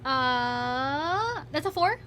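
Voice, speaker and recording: A woman with a slightly high voice plays at a tabletop game table. She is chatty and pauses a lot with fillers while weighing her moves. A clear background noise runs under her voice. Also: expressive. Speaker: player.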